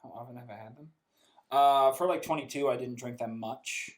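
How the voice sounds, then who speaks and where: A man speaking as a guest on a casual podcast, relaxed and rambling, seated on a couch at a podcast microphone. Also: medium pitch, normal speed. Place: living room couch.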